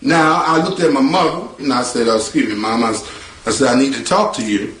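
A man telling a personal story in a casual, animated way, acting out the voices of the people in it. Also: mid-range voice, fairly quick. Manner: animated, acts out quoted voices, laughs. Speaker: storyteller guest. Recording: echoey room with guitar music.

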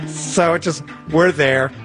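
A man's voice: fairly high pitch, steady tone, takes it slowly, music in the background. A man telling a personal story in a wry, self-mocking way. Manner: wry, self-mocking, acts out quoted voices.

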